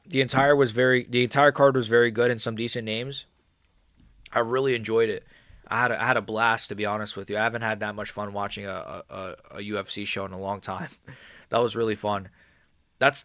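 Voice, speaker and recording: A man hosting a casual livestream, reading chat aloud and talking in a relaxed, rambling way with many fillers and restarts. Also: fairly low pitch, no room sound, clean studio sound. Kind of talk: casual live-stream chat.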